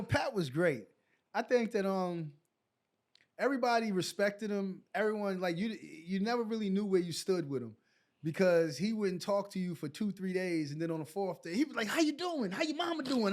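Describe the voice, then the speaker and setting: A former pro basketball player, a man from New York, telling stories in a casual chat and acting out the quotes. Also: high voice. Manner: animated, acts out quotes in a raised voice. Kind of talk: casual storytelling.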